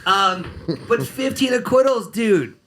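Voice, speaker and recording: Male guest lawyer, blunt and sarcastic, with a bright, cutting delivery. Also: sits high, expressive, slow pace. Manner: blunt, sarcastic, curses freely. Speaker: criminal defense attorney, podcast guest. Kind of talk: casual podcast interview.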